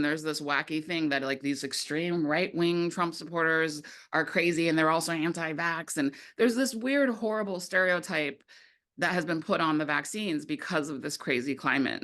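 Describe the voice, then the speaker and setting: A woman filmmaker talking casually in an interview, animated and quick to act out what others said, with many "like" fillers. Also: low voice. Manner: animated, acts out quoted voices, many "like" fillers. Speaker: documentary filmmaker, guest.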